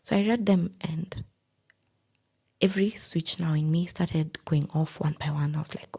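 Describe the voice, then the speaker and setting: A young woman recounting her own story candidly on a podcast, in a hushed, half-whispered, deadpan way. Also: deep voice, normal speed, husky. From Kenya. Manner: plain, deadpan retelling of painful events.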